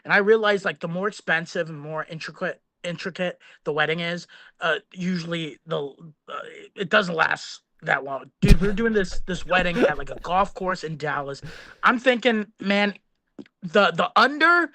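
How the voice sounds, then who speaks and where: Bright-voiced young man telling stories. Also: sits high, animated, normal speed, no echo. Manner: rambling comic storyteller, acts out voices in his anecdotes. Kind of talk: casual storytelling.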